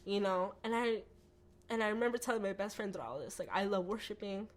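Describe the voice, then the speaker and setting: A woman telling her personal faith testimony as a podcast guest, animated, acting out quoted voices, with lots of "like" and "you know.". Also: mid-range voice, fairly quick. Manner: frequent "like" and "you know" fillers.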